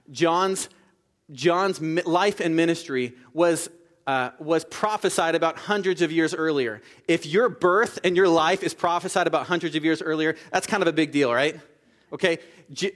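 A man's voice: a little high, a bit bright. A man preaching a sermon in a conversational way, with frequent asides like "right?" and "okay?", acting out the quoted lines. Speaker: pastor.

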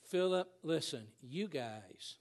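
A man's voice: a little high, lively intonation, slow pace, slight background noise. A man, a visiting speaker, greeting a church congregation in a folksy, joking way. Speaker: guest speaker, ministry president. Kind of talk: friendly guest address to a church.

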